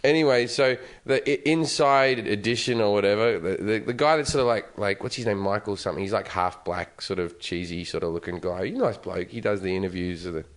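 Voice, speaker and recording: A man's voice: lowish voice, a little fast, hardly any pauses. A man in his thirties with an Australian accent, a guest comedian telling profane stories in a casual podcast chat. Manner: profane, animated storytelling.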